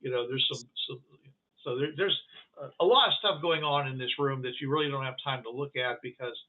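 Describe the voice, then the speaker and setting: A male game master narrates a tabletop scene at a mid pitch, wandering through his sentences with frequent fillers and restarts. His voice comes through a thin, phone-like line. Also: brisk. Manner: rambling, filler-heavy narration.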